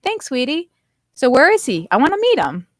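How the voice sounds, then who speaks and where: A caring middle-aged man, teasing at times and soothing at others, read by a woman in her own voice. The recording is dry and close, with no room sound. He fusses over his friend with easy warmth. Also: high-pitched, huge pitch swings, normal speed, no room sound, voice pushed up. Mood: cheerful. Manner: warm, fussing, teasing tone.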